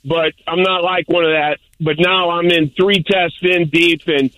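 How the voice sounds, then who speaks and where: A man's voice: fairly high pitch, fairly even intonation, unhurried, a bit bright, no echo, poor audio. An older man calling in to a radio show, telling a rambling, boisterous story. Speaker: caller. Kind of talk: call-in radio chat.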